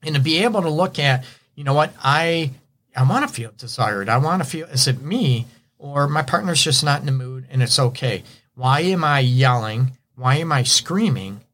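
A man's voice: medium pitch, lively intonation, normal speed, a bit bright. Man hosting a relationship advice show. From Detroit area. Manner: conversational, repeats "right?" and "you know". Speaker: relationship counselor and show host. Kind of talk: radio advice monologue.

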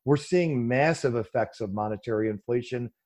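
A man with a mellow, darker tone, speaking at a middling pitch. He answers an interview question at length in a relaxed conversational way, with many ums and restarts, and turns animated when he mocks opposing views. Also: moderate pace. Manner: animated, mocking quoted voices with a raised pitch, many fillers. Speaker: guest explaining economics.

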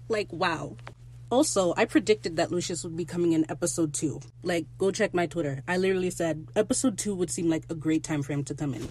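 A young woman talks through a TV episode on her own podcast. Her voice is excitable and gushing, jumping up in pitch when something delights her, and she slips into quick quoted lines from the characters. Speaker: podcast host recapping a TV episode. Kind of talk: casual solo recap.

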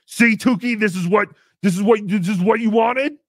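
A man's voice: fairly high pitch, big pitch swings, measured pace, a bit bright, no echo, clean studio sound. A man voicing a brash, foul-mouthed puppet who hosts a live-stream show, reading paid messages with crude, sarcastic asides. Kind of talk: live-stream character chat.

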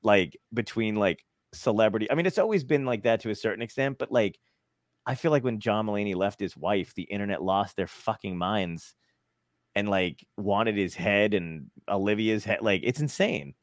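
A man's voice: on the low side, moderate pace, no room sound, clean studio sound. A man hosting a casual podcast chat, rambling and laughing, with loose, profane storytelling. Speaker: podcast host.

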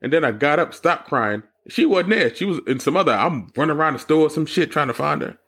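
A man co-hosting a podcast in casual chat, telling stories with lots of profanity and jumping high when he mocks people. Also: a little fast, breathy edge. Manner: animated storytelling, profane, jumps high when mocking. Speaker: podcast co-host.

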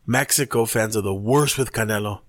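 A man co-hosting a podcast, chatting casually about sports, animated and swearing a lot as he acts out quotes. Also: lowish voice, fairly quick, dry recording, studio quality. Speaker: podcast co-host.

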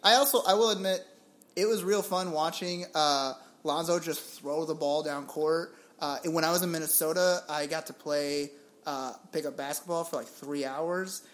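A man's voice: on the high side, normal speed. A young man from Puerto Rico co-hosting a casual sports podcast, telling stories with lots of laughs and casual swearing. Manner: animated storyteller, laughs often, swears casually. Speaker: podcast co-host.

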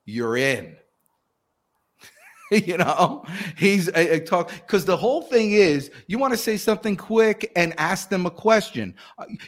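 A Southern American man whose voice sits high and runs a little slow appears as a sales coach in a guest interview. He's lively and animated, playing out phone calls using different voices.

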